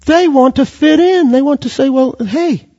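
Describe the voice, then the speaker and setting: A man's voice: very high voice, normal speed, darkish tone. A man preaching a sermon with passion, quoting scripture and firing off rhetorical questions. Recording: dull lo-fi recording.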